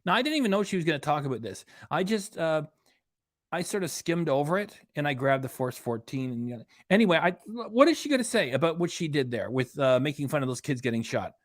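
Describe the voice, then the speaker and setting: A man's voice: on the high side, animated, quick pace, dry recording, studio quality. A man hosting a reaction channel, scolding a streamer in an angry, profane rant. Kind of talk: angry commentary on a livestream.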